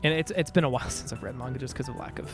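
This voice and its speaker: A man's voice: medium pitch, racing. A man streaming a game, chatting casually and joking with his viewers. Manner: playful, jokey, chatty with viewers. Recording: faint music behind.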